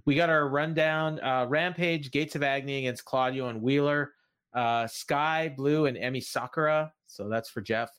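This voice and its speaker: A man's voice: mid-range voice, fairly even intonation, moderate pace, a bit bright, clear, resonant tone. A man co-hosting a wrestling podcast, recapping the week's shows in a loose, rambling way full of fillers and restarts. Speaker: podcast co-host. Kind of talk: casual wrestling recap chat.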